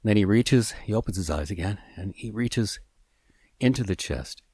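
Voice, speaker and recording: A man telling an improvised story in a halting, earnest way with many restarts. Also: on the low side, lively intonation, a little mellow, breathy edge, dry recording.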